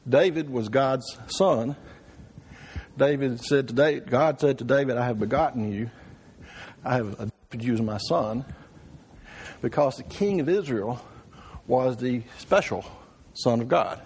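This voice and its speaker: A man's voice: medium pitch, a little slow, long pauses, a little mellow, breathy edge. A man teaching an informal church Bible class, often asking the room questions and checking in with "right?". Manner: conversational, asks the class questions with frequent "right?".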